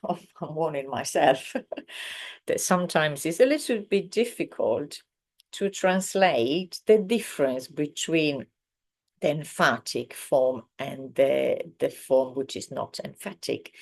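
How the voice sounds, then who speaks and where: A woman teaches a beginners' language lesson in a casual, patient way, often pausing with ums and correcting herself. Her voice sits very low and she speaks slowly. She walks through examples one at a time. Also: expressive. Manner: explains patiently with frequent ums and self-corrections. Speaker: Italian teacher.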